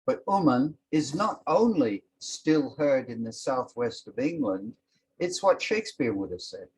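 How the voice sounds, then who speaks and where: A man teaching a language lesson, explaining words slowly and calling out each one with emphasis. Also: mid-range voice, sing-song, slightly rough, rough recording. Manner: slow and explanatory, sounding out each word with emphasis.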